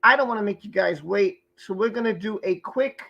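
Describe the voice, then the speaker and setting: A man's voice: high-pitched, brisk, vocal fry, pushed and bright, highs cut off. A man hosting a live stream, chatting casually and greeting viewers by name from the chat, sometimes stumbling over their names. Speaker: livestream host.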